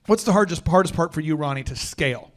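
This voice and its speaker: A podcast host with a strikingly high male voice tells stories at a quick clip, really leaning into them. His delivery is lively and animated, and his speech is loose and slangy.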